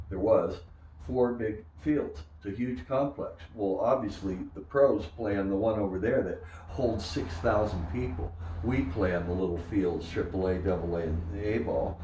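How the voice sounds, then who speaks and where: An older man recalling his days as a minor league pitcher, telling stories and acting out the voices of others. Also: slight background noise. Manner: animated storyteller who acts out quoted voices. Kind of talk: storytelling interview. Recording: echoey room, distant mic.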